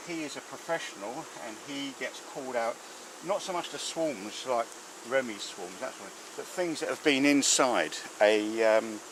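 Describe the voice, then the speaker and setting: Beekeeper chatting over buzzing bees. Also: male voice, medium pitch, noisy background. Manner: chatty, rambling with many fillers. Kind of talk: casual hands-on commentary. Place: outdoors beside a beehive. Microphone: handheld or mounted camera. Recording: buzzing bees clearly heard behind.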